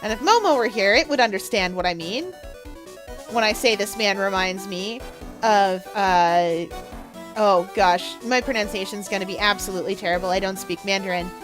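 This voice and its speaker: A woman's voice: medium pitch, moderate pace, a bit bright, soft background music. A young woman streamer chatting and joking with her viewers during a live game stream. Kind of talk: live gaming stream chat.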